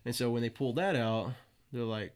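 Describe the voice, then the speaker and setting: A man's voice: medium pitch, a little fast, clean tone. A man in his twenties telling casual stories, loose and profane, often laughing at his own tales. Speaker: guest. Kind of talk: casual storytelling.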